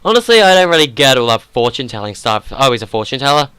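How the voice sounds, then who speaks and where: A man's voice: medium pitch, very animated, fast talker, bright, forceful tone, clean tone, dry recording. A man hosting a let's play, reading game dialogue aloud and joking and chatting about it, often laughing.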